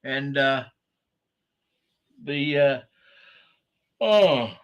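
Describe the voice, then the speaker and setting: A man's voice: medium pitch, expressive, extremely slow, smooth, lo-fi sound. A man hosting a casual morning livestream, chatting with viewers in a rambling way, full of fillers and restarts. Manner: greets commenters by name. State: sleepy, yawning. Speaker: livestream host.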